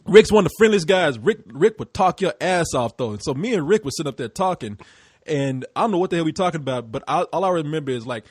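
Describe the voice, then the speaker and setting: Host: husky high-voiced man from Texas, animated storyteller, close and dry sound. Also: fast talker, no room sound. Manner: animated, laughing storyteller who swears freely. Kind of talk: casual storytelling chat.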